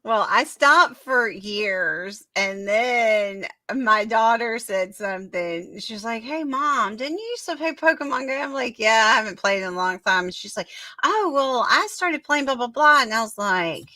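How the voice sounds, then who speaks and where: A woman's voice: a little high, expressive, unhurried, bright, forceful tone, dry recording. A middle-aged woman in casual chat, plain and direct, laughing often.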